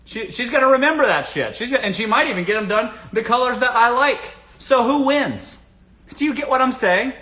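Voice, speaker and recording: A man's voice: very high voice, animated, a little fast, sharp tone. A man from the American South hosting a casual livestream, giving blunt dating advice, swearing freely and asking the audience rhetorical questions.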